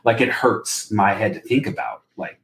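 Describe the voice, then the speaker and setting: A man's voice: lowish voice, big pitch swings, moderate pace, gravelly, fairly bright tone, roomy sound, a little hiss or hum. A man, a poker player, chatting casually and rambling with plenty of swearing and filler words. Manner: rambling, profane, lots of "like". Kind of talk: casual podcast chat.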